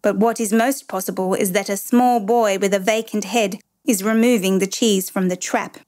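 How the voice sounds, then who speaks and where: A stern, dry-humored French father speaks in measured, firm sentences from a storybook. A woman narrator voices him. His calm carries quiet irony. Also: mid-range voice, dry recording, close to an everyday voice.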